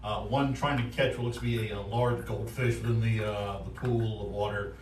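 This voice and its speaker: A man's voice: fairly low pitch, steady tone, normal speed, reverberant, far from the mic, a little hiss or hum. A man running a tabletop game as game master, narrating in a chatty way with many fillers.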